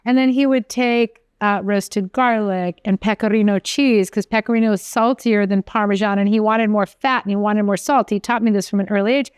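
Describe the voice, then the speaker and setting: Woman chef, podcast co-host, chatty rambling storyteller, smooth crisp voice, dry close mic. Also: mid-range voice, normal speed, hardly any pauses, no room sound. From from an Italian American family. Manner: chatty, animated storyteller, trails off mid-sentence. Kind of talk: casual chat.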